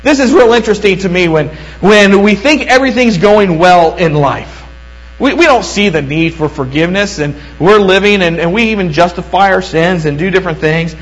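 A middle-aged man preaching a sermon as pastor, earnest, slowing down for emphasis and repeating words as he starts sentences. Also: sits high, rough recording. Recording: mains hum underneath.

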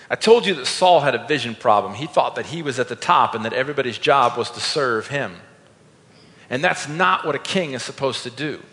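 A man preaching a sermon as a pastor, telling a story in a lively way and acting out the quotes. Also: a little high. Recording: long hall reverb.

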